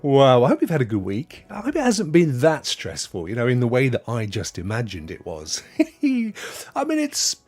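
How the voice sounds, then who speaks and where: A man's voice: medium pitch, wildly swooping pitch, normal speed, a little mellow. A British man in his fifties hosting a live stream, chatting casually and greeting viewers by name. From United Kingdom.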